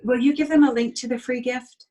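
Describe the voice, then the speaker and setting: A woman coaching on sugar addiction as a guest in an interview, speaking gently and heartfelt, sometimes acting out inner voices. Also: sits high, steady tone, brisk, low-quality recording. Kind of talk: interview over video call.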